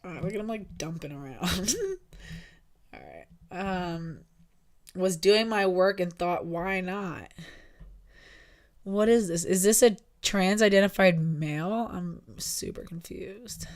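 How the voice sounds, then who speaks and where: A woman's voice: on the low side, unhurried, a little mellow. A woman giving casual, sarcastic commentary while reading posts aloud, drawling and laughing often. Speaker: online commentator.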